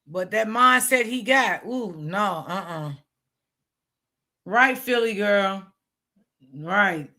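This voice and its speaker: A woman's voice: mid-range voice, lively intonation, slow pace, long pauses, bright, forceful tone. An older woman and grandmother giving casual commentary on a stream, emphatic and repeating her points.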